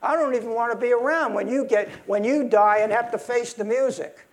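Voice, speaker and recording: High gravelly-voiced preacher. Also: male voice, brisk. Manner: heated, emphatic, with frequent restarts. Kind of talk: sermon.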